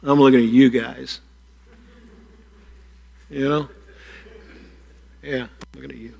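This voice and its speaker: A pastor giving a playful children's sermon, teasing and talking straight to the kids. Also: male voice, mid-range voice, steady tone, slow pace, gravelly, a little mellow, slightly rough.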